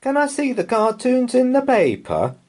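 A man's voice: very high voice, huge pitch swings, moderate pace, a little mellow, voice pushed up, full character voice. A man doing a whiny little girl elephant. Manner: pleading, complaining.

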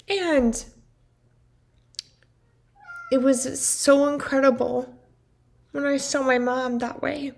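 A woman's voice: high voice, little pitch movement, unhurried, gravelly, pauses often, a little mellow. A woman vlogger earnestly telling a personal story to her viewers, emotional and full of "like" and "you know". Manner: earnest, emotional, heavy use of "like". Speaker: vlogger and family caregiver.

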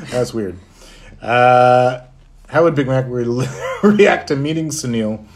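A man's voice: mid-range voice, slow. Easygoing man chatting on a livestream. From Canada. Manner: easygoing, chuckles often, reads chat aloud. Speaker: voice actor hosting a fan livestream. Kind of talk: casual livestream chat answering fan questions.

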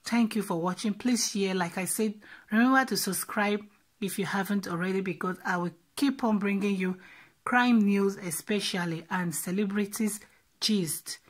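A woman's voice: mid-range voice, moderate pace. A woman giving upset, repetitive commentary on a news story as a vlogger. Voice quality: husky.

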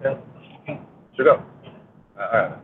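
Driving down the road, a reefing channel host chats on a casual live stream, cracking jokes, laughing, and cursing offhandedly. He has a medium-pitched, animated voice and speaks slowly, with phone-quality sound and a little hiss or hum.

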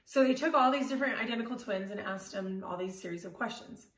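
A woman's voice: mid-range voice, quick pace. Candid woman storyteller, echoey and distant. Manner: candid, animated, self-deprecating with casual fillers. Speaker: motivational speaker. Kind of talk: personal storytelling talk. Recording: roomy echo, voice from far off the mic.

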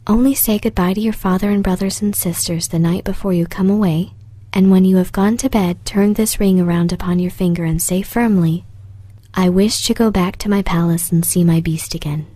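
A woman voicing a sorrowful, gentle male beast in a breathy whisper, as whispered role-play. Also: on the low side, fairly even intonation, brisk, no echo, close to an everyday voice. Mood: pleading.

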